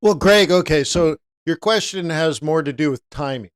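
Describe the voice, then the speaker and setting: A man's voice: on the high side, moderate pace, faint music behind. A man teaching forex trading on a live stream, talking casually and answering viewers by name.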